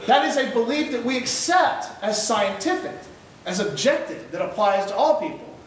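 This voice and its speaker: A man giving an emphatic chapel talk to high school students, often putting questions to the audience. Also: sing-song, moderate pace, slight background noise. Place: large echoey chapel hall. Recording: echoey hall recorded from far off.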